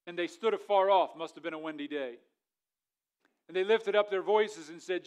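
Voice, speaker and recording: Male pastor, somewhat higher voice, sermon delivery with big dynamic swings and scripture reading. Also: moderate pace, clean tone. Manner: preaching with rising intensity, then dropping quiet; reads scripture aloud in old-fashioned wording.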